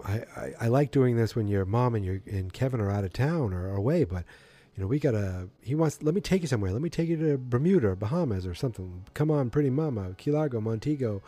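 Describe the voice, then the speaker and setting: A man's voice: fairly low pitch, warm tone. A man casually recapping a TV episode, rambling with many ums and acting out the characters' lines in passing. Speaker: show recap host.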